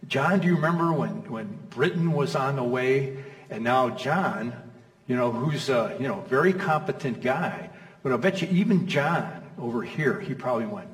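A middle-aged male pastor preaches a sermon in a church hall, telling stories conversationally and acting out quoted voices. His mid-range voice moves at a normal speed with lively intonation, heard from far off in an echoey hall.

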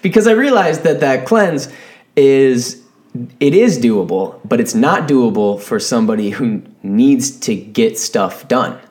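A young man co-hosts a podcast in relaxed, profane chat. He tells stories with plenty of energy in a middle-pitched voice. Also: unhurried. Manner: animated storyteller, swears freely. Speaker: podcast co-host.

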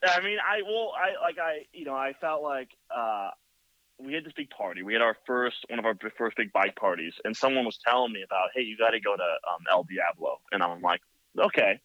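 A motorcycle builder telling a long story in casual chat, full of "like" and "you know.". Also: male voice, fairly low pitch, brisk, no echo. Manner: rambling, filler-heavy with many "like" and "you know". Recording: dull lo-fi, dry sound.

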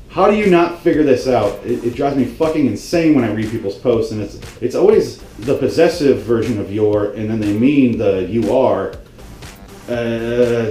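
Male video host with a warm, low-toned voice ranting sarcastically about grammar, swearing a lot, recorded with a roomy echo. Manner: profane, exasperated and sarcastic. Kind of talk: comedic grammar rant.

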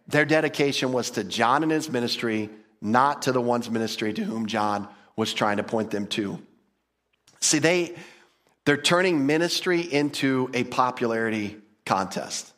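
A man's voice: medium pitch, a bit bright. A male pastor preaching a casual, humorous sermon, acting out little quotes as he goes. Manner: conversational, humorous, acts out quotes.

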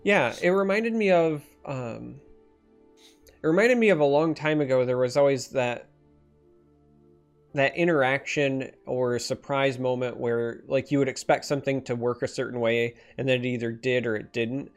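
A man's voice: mid-range voice, normal speed, faint music behind. A man from northern Michigan with a slightly nasal accent, co-hosting a casual stream chat and explaining game rules at length. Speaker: stream co-host.

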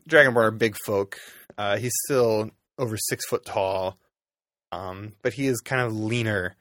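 Game master, man, lowish voice, rambling casual narration, dry close sound. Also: fairly bright tone, dry recording. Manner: loose, rambling, lots of ums.

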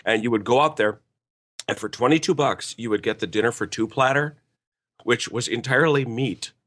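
Bright-voiced man telling rambling stories. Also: medium pitch, normal speed. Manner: rambling storyteller with stammered restarts. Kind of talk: casual chat.

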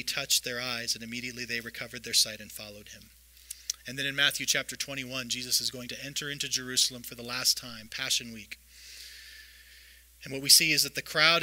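A man preaching a sermon, reading scripture aloud and retelling the stories in a lively way. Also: medium pitch, poor audio. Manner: lively storytelling, reads scripture aloud with voiced asides. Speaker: pastor.

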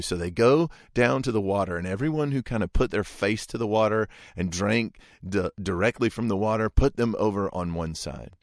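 Low-voiced man preaching a story. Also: moderate pace, no echo, studio quality. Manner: folksy, imagines aloud, asks listeners rhetorical questions. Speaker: pastor. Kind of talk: conversational sermon storytelling.

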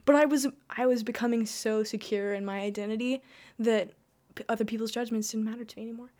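A woman's voice: a little high, fairly even intonation, quick pace, darkish tone. A young woman telling her personal faith story in casual conversation, rambling with lots of "like" and restarts. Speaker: guest.

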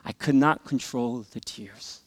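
A middle-aged man preaching and telling a personal story in earnest, rising loud and falling to near whispers. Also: mid-range voice, measured pace, dry recording. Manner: earnest, emotional storytelling that swings from loud to hushed. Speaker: pastor. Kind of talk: sermon testimony.

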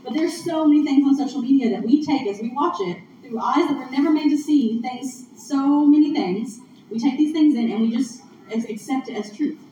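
A woman's voice: sits high, normal speed. Woman preaching in an echoey hall. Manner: conversational, earnest, laughs along with audience. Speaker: speaker at a church gathering. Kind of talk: sermon. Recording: distant echoey room mic, muffled, noisy.

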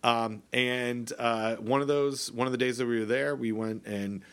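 A man's voice: medium pitch, fairly even intonation, moderate pace, a bit bright. A middle-aged Canadian man co-hosting a podcast in casual chat, rambling with many restarts and fillers. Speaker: podcast co-host.

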